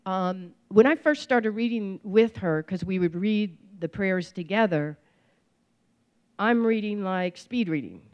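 A woman's voice: medium pitch, unhurried. A woman sharing her recovery story in a casual, rambling way, with lots of fillers and restarts. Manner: rambling, warm-humored, many fillers and restarts. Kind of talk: personal testimony, casual storytelling. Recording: slightly dull lo-fi recording.

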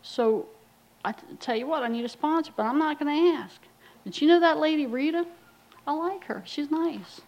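A middle-aged woman telling her recovery story at a meeting, acting out the dialogue with lively, often laughing delivery. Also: high-pitched, normal speed, poor audio.

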